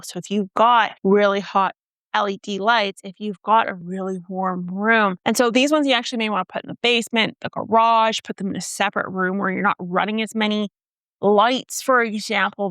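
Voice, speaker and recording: A woman's voice: mid-range voice, fairly bright tone, no room sound, clean studio sound. A woman hosting a gardening channel, giving casual instruction with joking asides. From Canada. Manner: chatty, joking asides, listing items. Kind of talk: casual instructional talk to camera.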